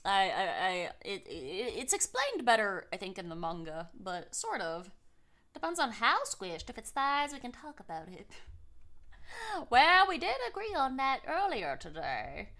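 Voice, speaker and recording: A woman's voice: mid-range voice, big pitch swings, a little slow, pushed and bright. A woman streamer chatting casually with her viewers, playful and cutesy, slipping into baby talk. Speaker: streamer reacting to videos. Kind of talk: casual live-stream chat.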